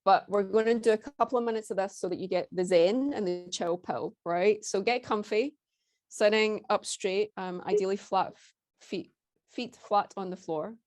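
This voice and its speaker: Talking at a normal speed in a mid-range voice, a woman leads a workshop, chatty and frequently asking "right?" to check in. Guiding a breathing exercise, she becomes gentle and soothing.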